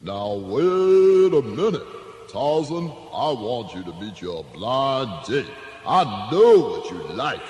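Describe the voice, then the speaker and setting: Brief: man doing a teasing emcee voice, very slow and lilting, soaked in reverb with music under it. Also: mid-range voice, very animated, darkish tone, highs cut off, slight background noise. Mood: teasing, drawling. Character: slow-drawling smooth-talking male emcee, teasing. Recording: echoey vintage record with reverb and music.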